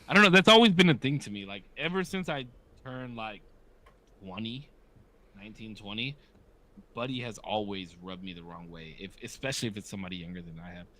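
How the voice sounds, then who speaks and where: A man's voice: fairly low pitch, a little fast, pushed and bright, slight background noise. A man in his thirties chatting casually as a podcast co-host, candid and swearing often, acting out the voices of people he quotes. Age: 30s. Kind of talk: casual chat.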